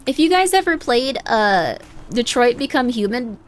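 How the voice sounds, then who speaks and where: A woman streamer with a fairly high, very animated voice chats casually at normal speed while gaming, rambling with lots of filler and constant "like." Faint game music plays behind her, and there's a little hiss or hum.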